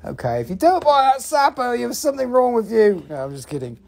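A live-stream seller of rocks and crystals who talks in a casual, joking, profane and excitable way. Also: medium pitch, quick pace, vocal fry. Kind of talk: casual live sales chat.

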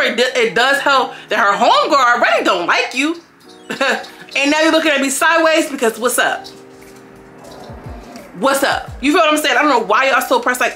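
A young woman talks through a reality episode in a bright, sharp voice that sits a little high. She is animated and slangy and keeps breaking into quick impressions. Faint music plays underneath. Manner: animated and slangy, acting out quotes in character voices. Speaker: reality TV reviewer. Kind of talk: casual recap commentary.

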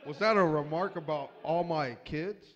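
A man's voice: fairly high pitch, moderate pace. A man improvising a profane roast in a pub, heckling the guests with crude insults. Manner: crude, trash-talking, heckles the crowd. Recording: echoey, dull-sounding hall recording.

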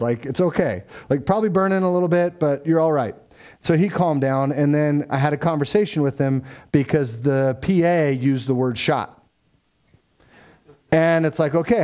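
Man telling a story from the pulpit. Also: a little high. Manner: conversational, animated storytelling with quoted dialogue. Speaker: pastor. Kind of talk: sermon storytelling.

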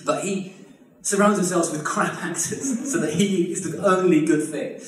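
A man telling a comic history story live, animated and exaggerated, with casual swearing. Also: high-pitched, normal speed. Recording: echoey room, distant mic.

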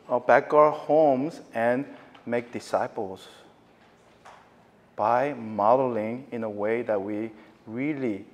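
A man giving a casual preaching lecture, telling stories with many fillers and getting loud and excited at times. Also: in a large hall. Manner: animated storytelling, many fillers, voice jumping high and loud when excited. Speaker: lecturer at a ministry training.

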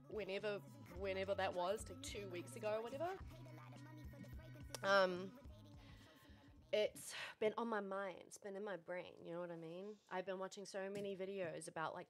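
Breathless New Zealand woman streamer. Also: medium pitch. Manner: frazzled, laughing, rattling off thank-yous. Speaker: livestreamer. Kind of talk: casual live-stream chat.

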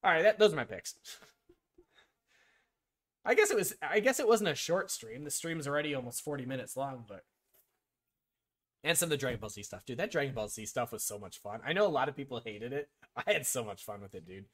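This streamer talks fairly quickly yet leaves long pauses, his medium-pitched voice animated throughout. Rambling over sports picks, he answers chat viewers by name and gives blunt, mildly profane opinions, full of ums and false starts.

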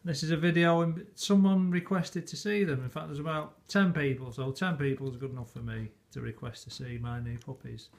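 A man's voice: a little high, fairly even intonation, brisk, vocal fry, hardly any pauses, slight background noise. A man filming a casual home vlog, talking fondly to his new puppies in doting baby talk and chuckling often. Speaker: vlogger. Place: at home indoors.

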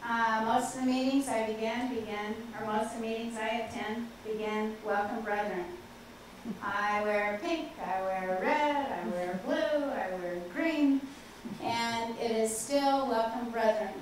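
A woman's voice: a little high, steady tone, measured pace. An older woman, a professor, telling anecdotes in a chatty lecture full of "okay" and "uh" fillers. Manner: chatty, frequent "okay" and "uh" fillers, laughs at herself. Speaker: professor giving a faculty talk. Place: large lecture hall with audience. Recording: very echoey hall, distant, faint hiss.

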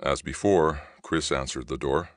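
A man reading a novel aloud as a steady audiobook narrator. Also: a bass voice, unhurried, no room sound, clean studio sound. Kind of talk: scripted narration.

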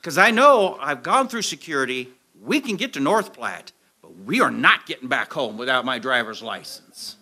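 A man's voice: mid-range voice, big pitch swings, normal speed, hardly any pauses, sharp tone. A man preaching a sermon, telling a story to a church congregation and acting out the scenes as he goes. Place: church sanctuary with audience. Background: audience laughter.

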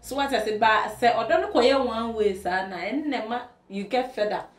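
A woman's voice: a little high, moderate pace, echoey room. A woman from Ghana, a talk show guest, speaking frankly and slipping in English phrases. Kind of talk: casual studio chat.

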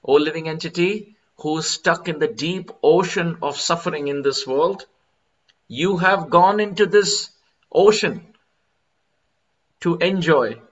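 A man delivers a devotional lecture, moving between plain explanation and expressive chanted verses. His voice sits in a middle pitch. The recording is somewhat dull and lo-fi. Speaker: spiritual teacher.

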